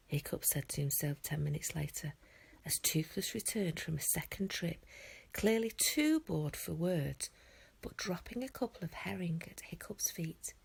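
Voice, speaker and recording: A teacher reads a children's book aloud, slow and half-whispered. Her low voice is husky and a bit gravelly, and it moves a lot in pitch. The sound is dry and close. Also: animated. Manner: hushed, half-whispered narration. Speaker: primary school teacher. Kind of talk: storybook reading.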